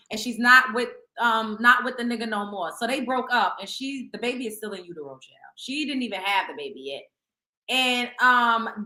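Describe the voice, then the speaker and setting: A woman's voice: a little high, sharp tone, roomy sound. A woman hosting a celebrity gossip show in casual chat, blunt and profane, often tripping over repeated words.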